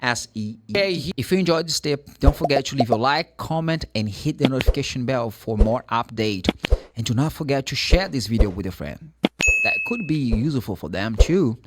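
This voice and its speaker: A man from Brazil, speaking at medium pitch and a moderate pace with a Brazilian Portuguese accent, runs a casual, lively English pronunciation lesson. He acts out little dialogues and spells words out letter by letter, with heavy background noise in the recording.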